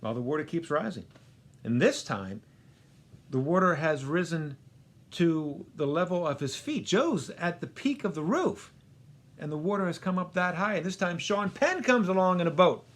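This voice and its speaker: A man hosting a show, telling a parable joke in a dramatic, drawn-out way. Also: a little high, lively intonation. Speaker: host.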